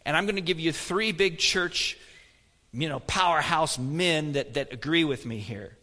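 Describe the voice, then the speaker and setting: Chatty pastor, man, slightly high voice. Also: a little slow, sharp tone, big-room sound. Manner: conversational, asks the congregation questions. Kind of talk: sermon. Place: church sanctuary.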